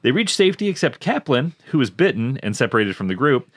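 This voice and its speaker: A man's voice: mid-range voice, very animated, fast talker, no echo, clean studio sound. A man co-hosting a casual movie podcast, recapping the plot from his notes with wry asides. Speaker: podcast co-host.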